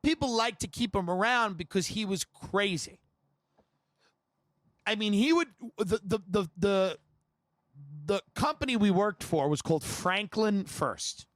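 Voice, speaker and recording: Man, comic storyteller, bright high voice, dry close mic, rambling and laughing. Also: expressive, no echo. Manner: rapid, rambling anecdotes with laughter and impressions. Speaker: podcast host. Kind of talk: comedic storytelling.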